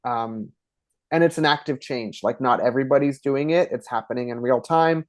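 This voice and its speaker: A man's voice: medium pitch, moderate pace, no room sound. A man from Ontario with an Eastern Canadian accent, chatting as a podcast guest and acting out word pronunciations as he explains them. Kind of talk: casual interview conversation.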